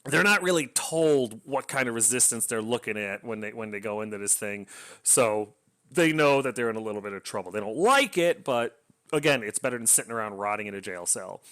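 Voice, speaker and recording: A man's voice: lowish voice, animated, brisk, a bit bright. A man giving a casual, rambling spoken review of a novel, with frequent restarts and enthusiastic asides. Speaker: book reviewer.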